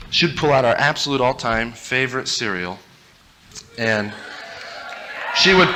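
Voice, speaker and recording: A man giving a humorous storytelling talk from a stage, animated and laughing through his stories. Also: medium pitch, slight background noise. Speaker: motivational speaker. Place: stage before a live audience.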